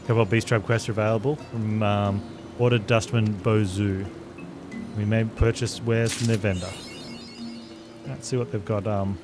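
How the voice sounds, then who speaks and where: A man casually commenting while playing a game, thinking aloud with fillers. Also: on the low side. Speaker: gaming streamer. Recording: loud game music behind.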